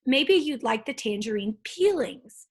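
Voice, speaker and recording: A woman's voice: sits high, expressive, unhurried, slightly rough, full character voice. A woman reading aloud, voicing a cheerful young boy hero in a storybook with an eager, friendly voice.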